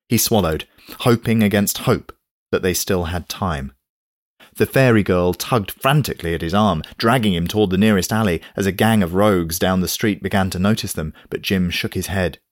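A deep-voiced man narrates an audiobook from a script in steady, measured storytelling. It's studio quality, with no room sound.

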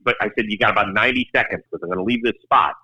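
A man's voice: on the low side, very fast, bright, forceful tone, husky, dry recording, poor audio. A man hosting a sports show, telling wry, self-deprecating stories in a casual chat on a close studio mic. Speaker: sports TV host.

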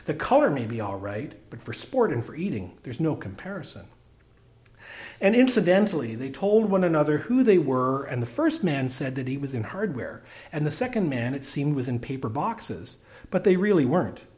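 A man reading a humorous story aloud with an expressive, wry delivery. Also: fairly high pitch, normal speed. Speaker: narrator.

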